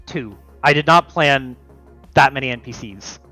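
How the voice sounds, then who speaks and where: Male game master, loose filler-heavy narration, middle pitch, soft music bed. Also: unhurried, no echo, low-quality recording. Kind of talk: narrating a tabletop role-playing game.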